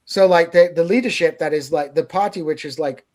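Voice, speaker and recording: A man with a fairly high voice hosts a loose political conversation. He talks in quick, opinionated bursts and gets more animated as he builds a point. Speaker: podcast host. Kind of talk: casual political discussion.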